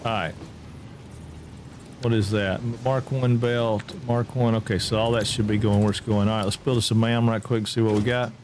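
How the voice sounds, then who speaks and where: A man's voice: fairly low pitch, flat delivery, normal speed, darkish tone, a little hiss or hum. A man giving chatty, folksy commentary as he streams a game live and talks with his chat.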